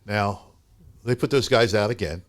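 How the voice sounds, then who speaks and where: A man's voice: lowish voice, moderate pace, dry recording. An older man, a guest in a podcast studio, telling casual stories with lots of "uh" and "you know" and easy laughs. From Philadelphia area. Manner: laughing, rambling anecdotes with frequent "uh" and "you know". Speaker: podcast guest, hockey arena announcer. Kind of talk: casual storytelling.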